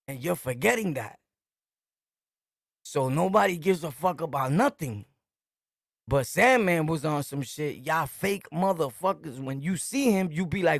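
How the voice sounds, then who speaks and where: On this studio-quality, dry recording, a gravelly, somewhat high-voiced podcast host from Brooklyn tells street stories. He's middle-aged with a New York accent, laughing often and using emphatic slang in a casual storytelling monologue.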